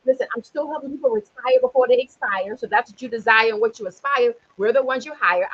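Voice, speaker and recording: A woman with a South Carolina accent, a retirement planning consultant giving a preachy, energetic motivational livestream talk and often checking in with "okay?". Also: a little high, highs cut off. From Charleston area, South Carolina.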